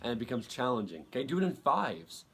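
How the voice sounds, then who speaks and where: Male guitar teacher, mid-range voice, halting delivery, counts aloud over loud guitar. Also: mid-range voice, sing-song. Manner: halting, restarts often, counts beats aloud. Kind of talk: casual instructional talk over guitar playing. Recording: loud guitar playing behind the voice.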